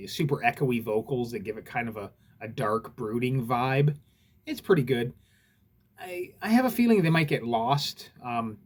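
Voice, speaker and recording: A man casually reviewing records in a laid-back, rambling way, with lots of fillers and the odd swear word. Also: mid-range voice.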